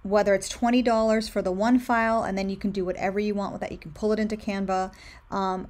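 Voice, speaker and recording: A young woman who owns a candle brand gives a screen-share tutorial, chatting casually as she clicks through design tools. She is upbeat and full of recommendations, with a medium-pitched, slightly mellow voice.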